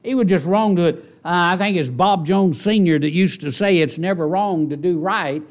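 A man's voice: high voice, normal speed. Male preacher for a sermon, conversational asides, builds to emphatic peaks. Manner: earnest, builds from quiet musing to raised emphatic preaching; conversational asides, direct questions to the congregation.

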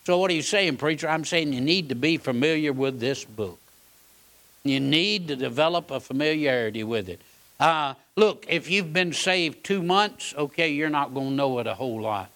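A man's voice: a little high, bright, forceful tone. A man preaching a sermon, folksy and emphatic, repeating his points and asking "all right?". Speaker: pastor; Bible college teacher.

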